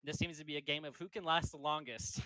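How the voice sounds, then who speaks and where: A man's voice: fairly high pitch, steady tone, brisk, pushed and bright, dry recording, poor audio. A man narrating as game master in a casual, rambling way with many fillers.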